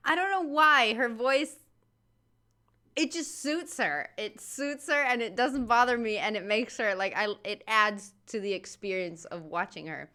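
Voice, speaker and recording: A woman's voice: on the high side, measured pace, bright, forceful tone. An American woman hosting a reaction video, chatting casually with a rambling, laugh-filled manner.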